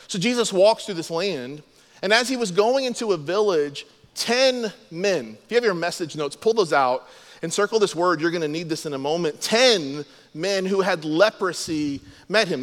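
A man's voice: high voice, fairly bright tone, in a large hall. A man preaching a sermon as a pastor, explaining scripture and acting out the quoted lines.

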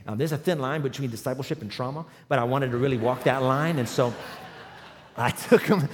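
A man in his forties preaching a sermon, telling a humorous personal story and building to loud, emphatic runs. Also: medium pitch, brisk, a little hiss or hum. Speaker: pastor. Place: large church hall with live audience. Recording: long hall reverb.

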